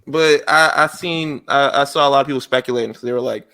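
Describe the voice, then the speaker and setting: A man's voice: mid-range voice, fast. A man co-hosting a podcast, telling stories in casual wrestling chat and quoting himself. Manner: animated storyteller, keeps quoting himself. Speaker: podcast co-host.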